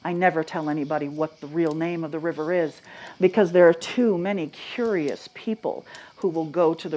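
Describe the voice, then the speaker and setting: A woman from Maine telling ghost stories live to an audience, dropping to a hush and then rising loud and animated, asking the crowd questions. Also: on the low side. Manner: dramatic, swings from hushed to loud and animated. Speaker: storyteller.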